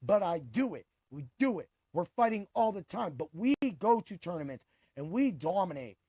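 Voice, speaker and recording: High, gravelly man in his forties hyping picks. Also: very animated, warm tone, no room sound, studio quality. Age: 40s. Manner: hyped, boastful, rapid bursts of emphasis. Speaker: podcast host and fight picks analyst. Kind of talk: casual sports commentary.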